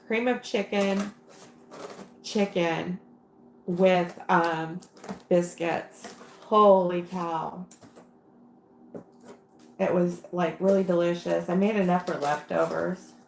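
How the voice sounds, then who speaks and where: Slow, gravelly woman chatting while crafting. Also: lowish voice, roomy sound, slight background noise. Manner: rambling, talks to herself while working, many fillers. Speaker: crafting livestream host. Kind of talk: casual chat while crafting on a livestream.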